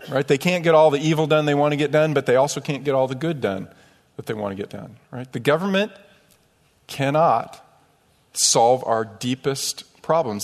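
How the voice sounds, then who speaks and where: A man preaching a sermon as pastor, telling stories emphatically and tossing in rhetorical "right?" asides. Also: mid-range voice. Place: church sanctuary. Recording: long hall reverb.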